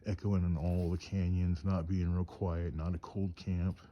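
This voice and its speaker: A man's voice: deep voice, flat delivery, unhurried, mellow, muffled recording. A man telling stories in a rambling, chuckling way, cold and shivering outdoors at night. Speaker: storyteller and craftsman. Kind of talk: casual storytelling. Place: outdoors at night on a mountain trip.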